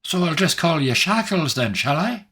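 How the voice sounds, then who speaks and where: A cheeky little male adventurer with a lilting Irish accent, high and bouncy, as a man puts him on. The voice is husky underneath and jumps up well above the man's own low speaking pitch, lively and full of charm for a tabletop game. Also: moderate pace, exaggerated voice.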